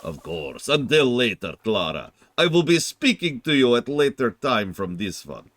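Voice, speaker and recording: A man's voice: medium pitch, very animated, moderate pace, a bit bright, dry recording. A man putting on a mock German accent to voice an overly polite middle-aged villager man, with stiff, exaggerated formality. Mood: courteous.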